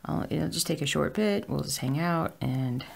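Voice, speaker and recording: Cross-stitch vlogger, casual and rambling, heavy vocal fry, mid pitch, at home. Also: moderate pace, slight background noise. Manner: rambling, with filler words. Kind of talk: casual chat while stitching.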